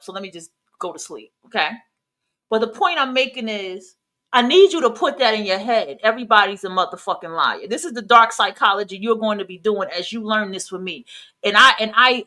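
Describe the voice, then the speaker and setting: A woman hosting her own podcast in a loose, ranting style. Her voice sits high and bright, with a sharp, forceful edge. She talks bluntly and profanely, hammering her points home and drilling lines at her listeners. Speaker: podcast host. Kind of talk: casual podcast rant.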